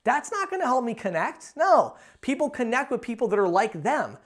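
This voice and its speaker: Man, sales trainer, energetic, acts out pitches, training talk. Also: moderate pace.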